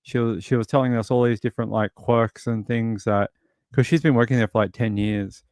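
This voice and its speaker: A man's voice: mid-range voice, fairly even intonation, brisk, a little mellow, no echo, studio quality. An Australian man hosting a livestream, chatting casually and rambling through stories while answering viewers. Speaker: livestream host.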